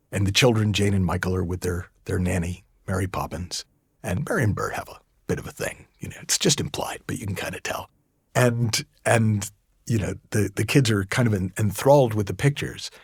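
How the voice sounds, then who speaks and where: A middle-aged American man hosting a reflective solo podcast, talking conversationally with restarts and slow, emphatic stretches. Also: lowish voice, slightly rough, dry recording, studio quality. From United States. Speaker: podcast host.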